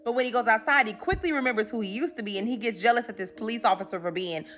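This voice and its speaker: High, sassy woman retelling a story. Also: racing, fairly bright tone, faint music behind. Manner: sassy, slangy storytelling, acting out characters. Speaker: host. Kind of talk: comedic recap.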